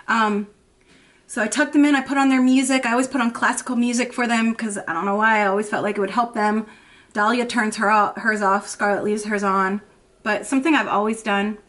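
A woman in her thirties talks to her camera in a tearful, anxious personal vlog. She speaks in halting runs, restarting and repeating herself with constant "like" fillers. Her voice sits slightly high. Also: fairly bright tone. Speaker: vlogger and mother. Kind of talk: emotional personal vlog talk.

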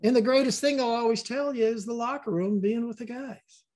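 A man's voice: very high-pitched, fairly quick, a little mellow. An older man talking as a guest in a casual interview, rambling and repeating words as he tells stories.

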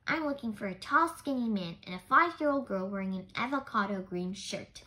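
A woman's voice: medium pitch, animated, fairly quick, pushed and bright. A woman reading aloud, voicing an eager, talkative young boy detective in a children's storybook.

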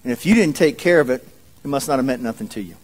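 A man voicing a stern, disappointed father lecturing his son in a lower, quieter tone. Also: lively intonation, fast talker, lightly acted, rough recording.

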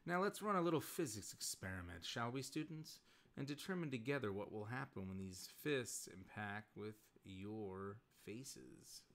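Brief: erudite, furry blue mutant brute with lofty diction and a low voice, read aloud by a man. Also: expressive, normal speed, fairly bright tone. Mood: gloating. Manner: grandiloquent, formal diction.

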